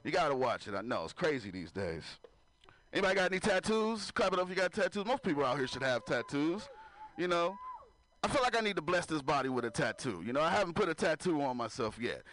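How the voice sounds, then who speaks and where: A man's voice: fairly high pitch, big pitch swings, quick pace, fairly bright tone. A man performing a stand-up comedy set on a club stage, talking loosely to the crowd and laughing at his own jokes. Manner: loose, conversational, keeps asking the crowd to clap. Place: comedy club stage before a live audience.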